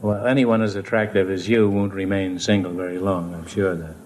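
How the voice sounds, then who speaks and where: A man hosting a 1950s radio quiz show, bantering and teasing his contestants with quick wisecracks. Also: sits low, flat delivery, darkish tone, a little hiss or hum.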